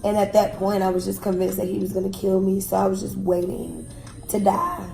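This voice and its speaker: A woman telling a personal story in an interview, frankly and with pauses and fillers. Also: mid-range voice, creaky, mellow. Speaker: guest telling her own story. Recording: echoey room with faint music.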